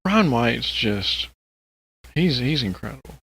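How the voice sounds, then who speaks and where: Male podcast co-host, gravelly, excitable and profane, casual chat. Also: medium pitch, takes it slowly. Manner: excitable, profane, animated retelling.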